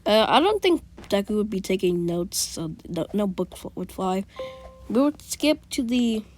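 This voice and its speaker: A woman's voice: mid-range voice, very animated, a little slow, darkish tone, faint music behind. Brief: casual woman storyteller, rambling, drops to whispers at times. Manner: rambling, many restarts, whispered asides. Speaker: fan storyteller.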